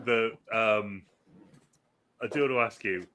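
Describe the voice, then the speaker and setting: A man's voice: lowish voice, fairly bright tone, slight background noise. A man co-hosting a film review chat, musing aloud with many restarts and casual swearing. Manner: halting, many restarts, profane. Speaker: film review podcast co-host.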